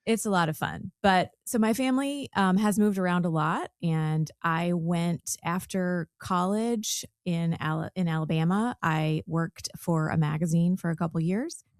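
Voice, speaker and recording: A woman in her forties, from the American South, chats as a podcast guest in a slightly low voice. She tells her story freely and laughs easily. The recording is dry and close. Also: measured pace, hardly any pauses, dry recording. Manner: chatty, warm storytelling with laughs. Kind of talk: casual interview chat.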